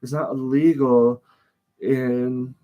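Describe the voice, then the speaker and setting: A man's voice: medium pitch, flat delivery, slow, warm tone. A man giving informal bible teaching in a rambling way, with many restarts and acted-out quotes.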